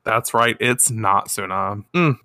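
A woman's voice: a bass voice, slow, no room sound, clean studio sound. A woman chatting casually as a podcast co-host, recapping a cartoon episode with lots of laughing and fillers. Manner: animated, giggly, lots of fillers.

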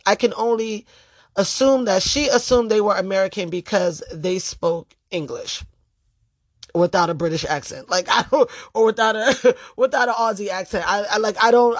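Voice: mid-range voice, no echo. A vlogger telling a story in a casual monologue, blunt, profane and emphatic.

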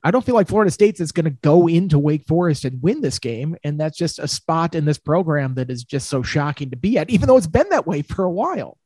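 A man co-hosting a casual college football talk show, reacting with lively disbelief. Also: on the high side, brisk, hardly any pauses, no echo. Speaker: co-host, college football reporter.

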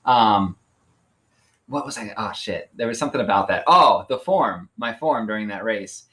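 A man's voice: on the low side, animated, normal speed, pushed and bright. A man co-hosting a casual podcast chat about running. He rambles with many fillers and pokes fun at himself. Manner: rambling, lots of fillers like "like" and "um", self-deprecating. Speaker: podcast co-host.

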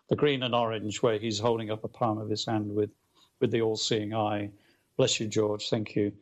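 Here a middle-aged man, a guest author, tells a story with a fairly low, creaky voice. He chats casually in an animated, rambling way, with lots of fillers and restarts.

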